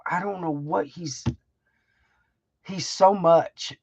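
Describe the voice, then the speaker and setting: A woman's voice: on the low side, takes it slowly, vocal fry, darkish tone, no echo. A middle-aged woman, chatting on her own livestream in a rambling, emotional, folksy way and laughing often. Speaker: livestream host. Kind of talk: casual heartfelt livestream chat.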